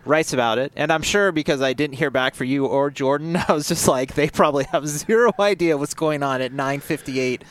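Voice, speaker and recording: A man's voice: fairly high pitch, brisk, hardly any pauses. A man co-hosting a sports talk show, telling stories conversationally. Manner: conversational, storytelling with quoted asides. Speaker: sports radio co-host.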